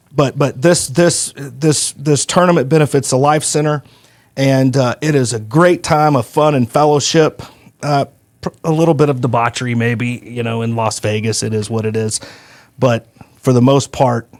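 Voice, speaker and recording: A man hosting a podcast, telling stories in a folksy, animated way. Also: mid-range voice, normal speed. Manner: folksy, animated, acts out quoted voices. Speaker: podcast host. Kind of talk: casual storytelling chat.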